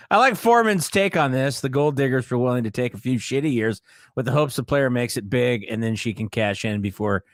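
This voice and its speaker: A man's voice: mid-range voice, lively intonation, fairly quick, dry recording, studio quality. A man co-hosting a sports radio show, making wry jokes and laughing often. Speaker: radio co-host. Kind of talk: casual sports talk banter.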